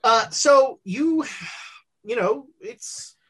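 A woman narrating a tabletop horror game as game master, pausing often with fillers. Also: high voice, expressive, fairly bright tone, husky. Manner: halting, filler-heavy narration.

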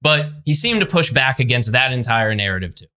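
A man's voice: medium pitch, animated, brisk, pushed and bright. A man who produces podcasts, giving a brash, sarcastic review monologue to the camera. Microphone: facing a camera with a laptop in front.

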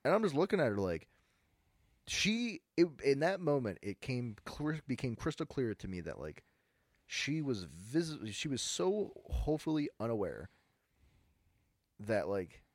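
A young man, telling stories in a laid-back, deadpan way on a casual podcast. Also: mid-range voice, a little slow, no echo. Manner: laid-back, deadpan storyteller who mimics angry customers. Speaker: podcast co-host. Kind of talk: casual storytelling chat.

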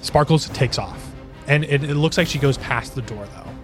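A man's voice: mid-range voice, moderate pace, over music. Rambling male game master. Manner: loose and searching, with many fillers. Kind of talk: narrating a tabletop game.

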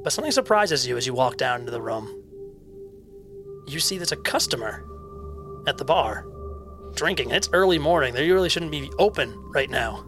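A man's voice: medium pitch, big pitch swings, moderate pace, pauses often. A man narrating a tabletop game as game master, describing scenes in detail and joking about his own voices. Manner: descriptive, self-deprecating. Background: background music.

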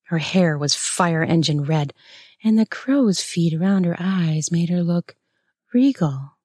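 A woman reads a story aloud in a lowish voice, measured and very unhurried. The recording is close and dry, with no room around her. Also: darkish tone, no echo. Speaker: narrator. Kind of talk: read-aloud erotic story.

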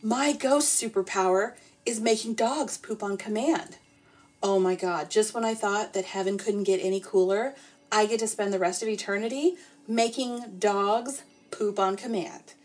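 Husky woman telling a comic story. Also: medium pitch, moderate pace. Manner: playful, deadpan comic storytelling. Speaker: podcast storyteller. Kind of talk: comedic first-person sleep story narration.

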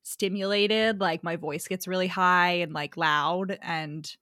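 A woman's voice: fairly low pitch, steady tone, slow, sharp tone, no room sound, studio quality. A young woman in her twenties co-hosting a podcast, chatting casually with lots of "like" and frequent laughs. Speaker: podcast co-host. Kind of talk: casual chat.

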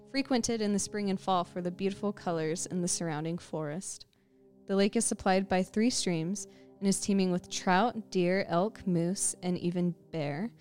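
A woman's voice: mid-range voice, darkish tone. Woman telling a spooky campfire tale. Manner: second-person scene-setting, leading the listener. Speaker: podcast co-host. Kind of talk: scripted spooky storytelling.

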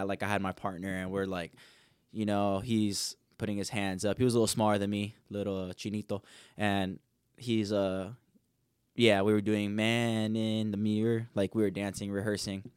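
A young man with a low, smooth, resonant voice hosts a podcast on his own, rambling through a story in a casual, animated way. He acts out what each person said. The sound is dry and close. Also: dry recording. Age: young adult. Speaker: podcast host.

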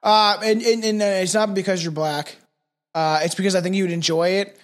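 A Canadian man hosting a dark comedy podcast, chatting casually with swearing and jokes, sometimes reading from notes. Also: sits high, level tone, fairly quick. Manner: swearing, joking, rambling. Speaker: podcast host.

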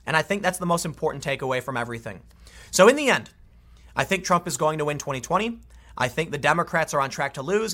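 Bright, animated male commentator. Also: on the high side. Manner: exasperated, sarcastic, fast asides. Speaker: political commentator. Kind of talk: opinionated news commentary.

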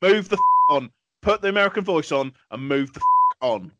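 A man's voice: high voice, expressive, brisk, highs cut off, noisy background. A man co-hosting a comedy podcast, ranting in an exasperated, sweary way. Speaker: podcast co-host. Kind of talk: casual comedy podcast banter.

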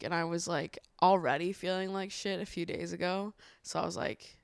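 A woman's voice: lowish voice, steady tone, moderate pace, creaky, dry recording, studio quality. A young woman hosting a podcast in candid casual chat, laughing often and using plenty of slang. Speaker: podcast host.

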